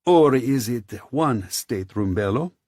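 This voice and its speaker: A man's voice: medium pitch, animated, measured pace, darkish tone, no room sound, studio quality, pitched above the performer's own voice. A man voicing a flamboyant, effusive male host with a sing-song, theatrical delivery in an audiobook. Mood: playful. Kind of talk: audiobook character voice.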